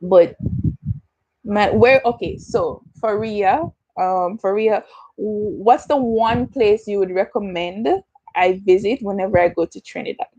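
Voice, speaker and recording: A young Jamaican woman talks through a casual livestream Q&A, chatty and direct, slipping into patois as she answers viewers. Her voice sits at an ordinary middle pitch for a woman. The sound is close and dry, with no room around it. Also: a little slow, a little mellow, no echo, dull audio. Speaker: YouTuber hosting a livestream Q&A.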